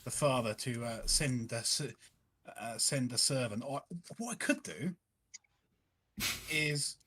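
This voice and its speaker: A man's voice: mid-range voice, sing-song, a little slow, pauses often, pushed and bright, a little hiss or hum. A man playing a tabletop game, talking casually and thinking aloud with many fillers. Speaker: player.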